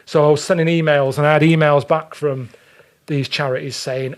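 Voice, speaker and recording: A man's voice: fairly high pitch, steady tone, moderate pace. A man, a podcast guest telling blunt, grumbling anecdotes with the odd swear word in casual chat. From England.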